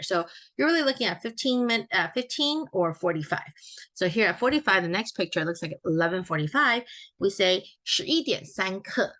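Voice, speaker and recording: In a recorded walkthrough, a woman teaches a Chinese grammar lesson, explaining things in a friendly, patient way. Her voice is low-pitched yet bright, and she corrects her own slips aloud as she goes.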